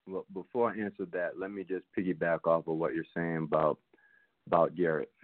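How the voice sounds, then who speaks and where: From his home basement, a man co-hosts a casual sports talk podcast, ranting heatedly with rising emphasis. His voice is deep with little pitch movement and a slightly fast pace, and the dry recording has a tinny, phone-line quality.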